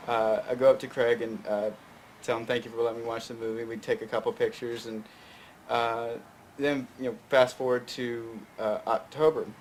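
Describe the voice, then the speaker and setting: On a talk show, a guest filmmaker, a young man from Fayette County, Tennessee, spins a long, rambling story packed with fillers and restarts in casual interview style. His voice sits at medium pitch against slight background noise.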